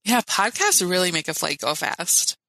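A woman's voice: lowish voice, very animated, normal speed, bright, forceful tone, no room sound, rough recording. A woman co-hosting a podcast, chatting casually and reading out listener questions in a laid-back, giggly way. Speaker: podcast co-host.

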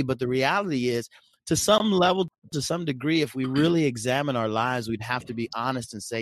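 Male podcast co-host, halting and repetitive, mid-pitched, dry studio sound. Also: no echo. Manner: hesitant, repeats words while thinking. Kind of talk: Christian podcast discussion.

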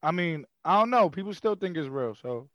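A man's voice: a little high, normal speed, slight background noise. A young man, telling stories animatedly over a video call. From Brooklyn, New York. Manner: animated storyteller, full of fillers and acted quotes. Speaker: guest, comedian. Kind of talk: casual chat.

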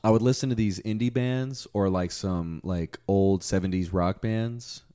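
A man with a deep voice on a casual podcast, rambling and swearing as he acts out what people said. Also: measured pace, dark tone, smooth. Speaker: podcast co-host.

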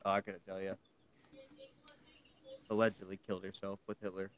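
A man co-hosting a podcast in casual chat, laying out facts in a relaxed way, then cracking crude jokes. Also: low voice, normal speed, a little hiss or hum. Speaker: podcast co-host.

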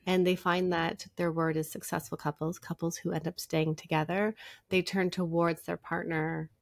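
A middle-aged woman psychologist, a podcast guest, telling stories in a warm conversational way and acting out bits of dialogue. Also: lowish voice, moderate pace, vocal fry, dry recording, studio quality. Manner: animated storyteller, acts out dialogue.

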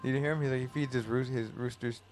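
A man's voice: medium pitch, steady tone, fast talker, darkish tone, soft background music. A young man hosting a podcast, chatting in a laid-back, profane way while watching a movie. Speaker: podcast host. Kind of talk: casual chat watching a movie.

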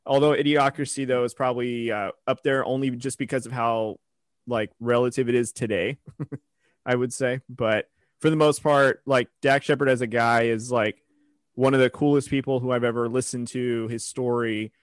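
A man's voice: medium pitch, steady tone, moderate pace, no echo, clean studio sound. A man chatting casually on a podcast, telling rambling stories with lots of fillers. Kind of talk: casual chat.

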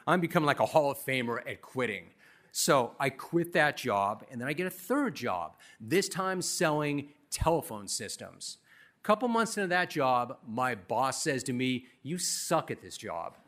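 A middle-aged man from Los Angeles giving a commencement speech, telling his story in a punchy, self-deprecating, animated way. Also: medium pitch, normal speed. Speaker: commencement speaker. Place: university commencement ceremony.

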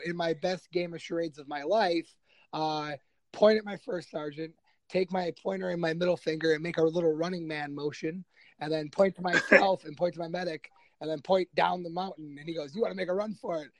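A man's voice: fairly high pitch, fairly even intonation, normal speed, slight background noise. A man, a military veteran, tells his story in a casual, self-deprecating way with lots of fillers. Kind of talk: conversational storytelling.

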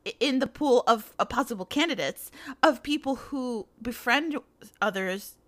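Bright-voiced woman podcast co-host. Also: fairly high pitch, animated, normal speed. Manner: thoughtful, supportive, joking. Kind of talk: casual podcast chat.

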